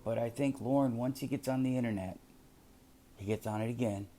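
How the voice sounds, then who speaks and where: Gravelly-voiced middle-aged man rambling on. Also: medium pitch, fairly quick, dark tone, slight background noise. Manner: rambling, emphatic, drifts into anecdotes. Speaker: commentary channel host. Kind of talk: casual commentary monologue. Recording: music playing behind.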